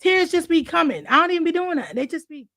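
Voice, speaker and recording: A high-pitched woman hosting a casual talk show. She speaks candidly and emotionally, with plenty of slang and cursing. Her voice is close and dry, with no room sound. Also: very animated, fast talker, vocal fry, sharp tone, dry recording. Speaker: host. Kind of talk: casual chat.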